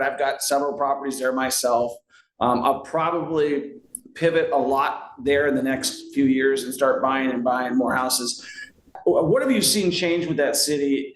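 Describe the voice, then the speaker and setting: A man hosting an interview, affirming and enthusiastic as he asks his guest questions. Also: mid-range voice. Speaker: host. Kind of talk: casual interview chat. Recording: roomy echoey room.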